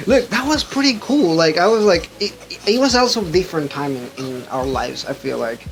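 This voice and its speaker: A man hosting a podcast, chatting casually about video games in an excitable, rambling way with lots of restarts. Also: fairly high pitch, fairly quick, gravelly, slight background noise, poor audio. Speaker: podcast host. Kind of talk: casual gaming chat.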